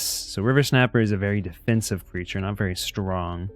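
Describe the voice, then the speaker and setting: A man's voice: on the low side, a little fast. A man streaming a card game, thinking aloud and greeting chat in an easygoing way. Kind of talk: casual game commentary. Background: faint music.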